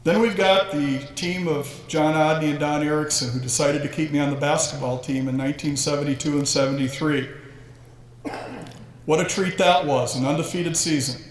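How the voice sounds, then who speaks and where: A man in his sixties gives a humorous, self-deprecating induction speech packed with stories. His voice is on the high side with fairly even intonation and a moderate pace. It was recorded in an echoey hall with faint ambience.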